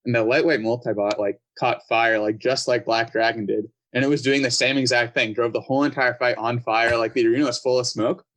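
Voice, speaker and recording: Brief: male guest, relaxed, casual, mid-pitch, lots of "like". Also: brisk, few pauses. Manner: relaxed, fills with "like". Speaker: robot-combat builder, podcast regular. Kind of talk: casual chat.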